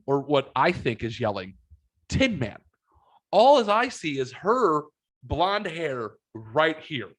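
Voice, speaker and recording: Profane, animated male podcast host. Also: a little high, dry recording. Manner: profane, animated storyteller acting out quotes. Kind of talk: casual storytelling.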